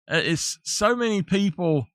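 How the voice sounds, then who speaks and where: A man's voice: high voice, dry recording, studio quality. A man with a Southern US accent, chatting casually while streaming a game and laughing at his own jokes. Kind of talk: casual live-stream chat.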